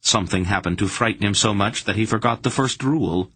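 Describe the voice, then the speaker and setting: A man's voice: lowish voice, a little fast, fairly bright tone, breathy edge, no echo. A man voicing a commanding woman, a sorceress who speaks in a firm, composed way.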